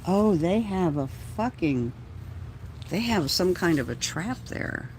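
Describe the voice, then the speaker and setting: A woman's voice: fairly low pitch, big pitch swings, slow, background noise. A woman from Texas filming police from her car, with a mocking running commentary full of swearing. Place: inside a parked vehicle.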